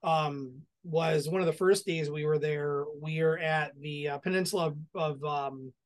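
A man with a notably high voice chats easily on an outdoors podcast. He tells his stories with plenty of fillers and restarts, in a relaxed, conversational way. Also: moderate pace. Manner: chatty, hesitant with many fillers and restarts. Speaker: podcast co-host. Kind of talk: casual chat.

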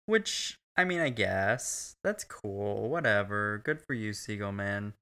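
Man, casual film recap, profane, animated, bright forceful voice, laughs a lot. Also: lowish voice, slow pace, clear, resonant tone. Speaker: podcast co-host.

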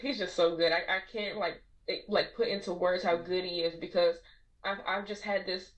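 A woman's voice: on the low side, fairly even intonation, normal speed, poor audio. Earnest young woman sharing her faith. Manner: earnest, heartfelt, frequent "like" fillers. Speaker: guest. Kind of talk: testimony in a casual podcast conversation.

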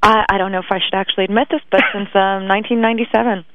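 A woman's voice: mid-range voice, fairly even intonation, very fast, no room sound. A woman guest in a radio interview who chats freely, laughs often and restarts her sentences. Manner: chatty, laughing, hesitant restarts. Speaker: guest, magazine editor. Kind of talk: casual interview. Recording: tinny phone line.

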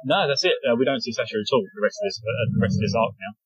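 A man chats quickly on a podcast, with a slightly husky voice. He rambles through a recap and chuckles often, in an easy, casual way. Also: medium pitch, very animated, no echo, muffled recording. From not American. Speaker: podcast co-host. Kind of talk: casual chat recapping a manga.

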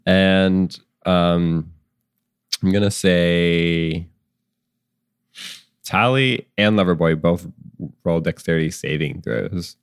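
A man with a low, unhurried voice runs a tabletop game as dungeon master. He rambles along with plenty of ums and chuckles. The sound is dry and close. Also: clear, resonant tone, no room sound. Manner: rambling, many ums, laughs at himself. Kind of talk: running a tabletop game, casual.

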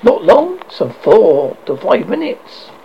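A man's voice: sits high, wildly swooping pitch, takes it slowly, vocal fry, dull audio, slight background noise, full character voice. A man voicing a shaken, nervous young male student in a horror story reading, jittery and self-reproaching.

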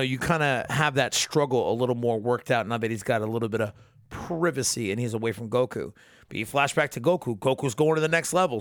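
A man's voice: medium pitch, no echo, clean studio sound. A young adult man hosting a casual solo recap podcast, sarcastic and full of swearing and jokes. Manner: profane, sarcastic, jokey. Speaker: podcast host.

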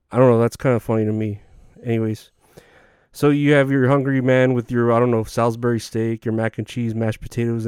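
A man's voice: medium pitch, darkish tone, clean tone, dry recording, clean studio sound. A young man hosting a podcast, telling crude, self-deprecating comic stories in a rambling way. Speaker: podcast host. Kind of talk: rambling comedic monologue.

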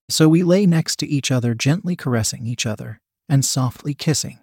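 Calm male storyteller, dry close sound. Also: fairly high pitch, fairly quick, few pauses, breathy edge, dry recording. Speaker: narrator. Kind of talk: first-person story reading.

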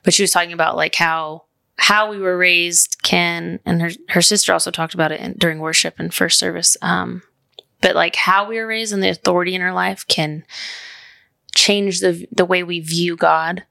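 A woman in her thirties hosts a heartfelt podcast chat. Her voice is low-pitched, gravelly with vocal fry and rather bright. She talks in an earnest, rambling way, winding through stories. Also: steady tone, normal speed, no room sound. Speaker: podcast host.

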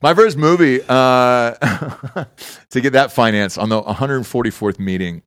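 A man's voice: medium pitch, measured pace, dry recording, clean studio sound. A man telling a long, profane story in a casual podcast chat, acting out the people in it. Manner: animated, profane, acts out quoted people. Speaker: podcast host.

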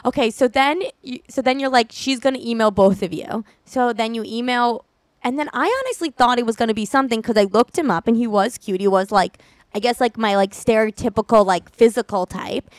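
High-voiced young woman telling a story. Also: fairly quick, dry recording. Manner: animated storyteller, acts out her mother's voice. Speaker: podcast co-host. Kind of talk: casual chat.

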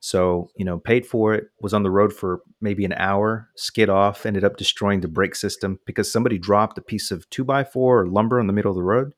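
A man's voice: lowish voice, a little fast, few pauses, no echo, studio quality. A man from the United States casually telling a long personal story, acting out quotes from the people involved. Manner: animated anecdote with voiced quotes.

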